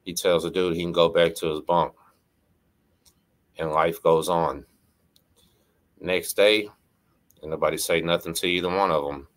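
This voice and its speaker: A man's voice: low-pitched, little pitch movement, moderate pace. A middle-aged man, hosting and telling a story casually, often checking in with the listener. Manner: conversational, frequent "right?" and "you know what I mean" asides. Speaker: host.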